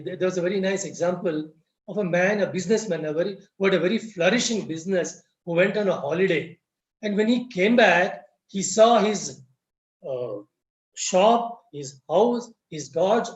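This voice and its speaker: A man giving a storytelling lecture on a video call, telling parables and repeating key phrases for emphasis. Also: high voice. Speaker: guest speaker at a lodge webinar. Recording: roomy, muffled webinar audio.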